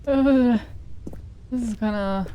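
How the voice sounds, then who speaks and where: Woman streamer, slow and mumbly, teasing asides over a faint hiss. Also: on the high side. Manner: mutters quiet asides to herself, teasing. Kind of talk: casual gameplay commentary.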